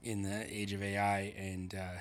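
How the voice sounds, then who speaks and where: A man talking casually in a conversation, pausing often with fillers and restarts. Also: fairly low pitch, monotone. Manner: halting, many fillers and restarts. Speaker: writer and podcast guest.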